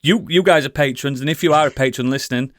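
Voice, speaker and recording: A tipsy player in rowdy, sweary banter. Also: male voice, mid-range voice, fast talker, no echo, studio quality.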